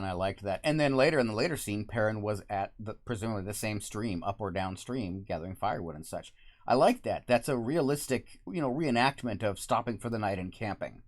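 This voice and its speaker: A man casually reviewing a TV show from a room with the window open, rambling and correcting himself as he goes. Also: on the low side. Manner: rambling, self-correcting, upbeat. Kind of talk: casual solo review talk.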